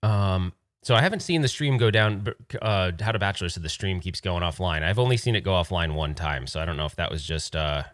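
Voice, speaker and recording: A man's voice: deep voice, fairly quick, few pauses. A man from Rhode Island hosting a casual livestream chat, telling rambling, digressive stories. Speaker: host.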